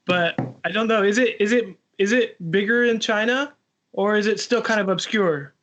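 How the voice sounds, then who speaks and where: A man hosting a casual interview, asking halting, hesitant questions. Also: sits high, a bit bright, dull audio. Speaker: podcast host.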